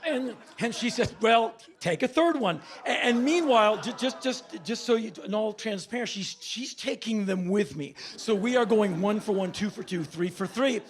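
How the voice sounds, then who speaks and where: A man in his fifties telling a stand-up story on stage, with a deadpan, politely mock-formal delivery. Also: sits high, moderate pace, hardly any pauses. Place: stage before a laughing audience.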